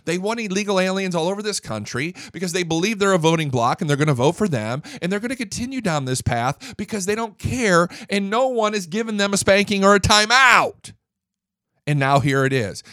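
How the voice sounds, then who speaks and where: An emphatic male host rants through his commentary and repeats his lines to drive them home. His voice sits a bit higher than most men's. The sound is dry and close, with no room echo. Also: fairly bright tone. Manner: emphatic, ranting, repeats points for effect. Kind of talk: political commentary show.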